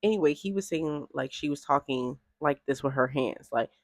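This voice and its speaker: A woman talking casually to camera in a vlog, chatty and animated, peppering her speech with "like". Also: low-pitched, moderate pace, no room sound. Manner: chatty and animated, heavy use of "like". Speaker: vlogger.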